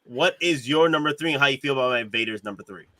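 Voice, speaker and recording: A man hosting a casual group stream on a video call, upbeat and quick to react. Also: mid-range voice, pushed and bright. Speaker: stream host. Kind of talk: casual chat.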